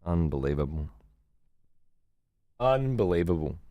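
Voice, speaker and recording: A man's voice: low voice, sing-song, unhurried, mellow, no room sound. A man streaming a game, chatting casually in a rambling, heavily profane way. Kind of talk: casual chat while gaming.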